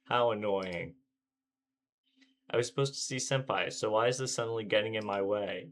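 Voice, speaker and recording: A man's voice: on the low side, moderate pace, a bit bright, slight background noise. A man voicing an irritable teenage boy protagonist, reading his brooding first-person lines aloud from a visual novel. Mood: annoyed.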